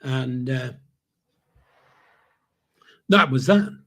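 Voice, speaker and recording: A man's voice: mid-range voice, lively intonation, drawn-out words, gravelly, a bit bright. An older man hosting a podcast, telling stories in a casual, rambling way with restarts and chuckles. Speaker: podcast host. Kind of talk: casual storytelling.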